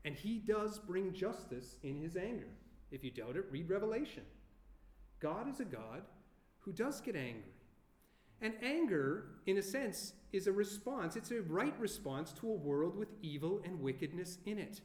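A man preaching a sermon earnestly, asking rhetorical questions and slowing down with emphatic pauses. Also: high-pitched, sing-song, darkish tone. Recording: echoey room.

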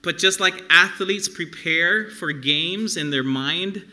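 A man's voice: sits high, measured pace, few pauses, pushed and bright. A middle-aged man preaching a sermon, earnest and conversational, asking the congregation questions. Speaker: pastor.

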